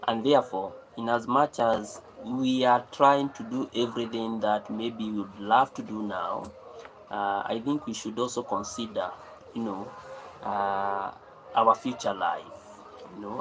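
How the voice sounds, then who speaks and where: Brief: male live host, lowish voice, loose rambling delivery, light room hum behind. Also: fairly bright tone, low-quality recording. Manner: rambling, repeats phrases, many fillers. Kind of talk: unscripted talk on saving.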